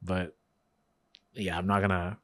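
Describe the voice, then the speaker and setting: A man's voice: low voice, flat delivery, unhurried, fairly bright tone, dry recording, studio quality. A man from Kenya, co-hosting a podcast in casual chat, emphatic and laughing often. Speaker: podcast co-host.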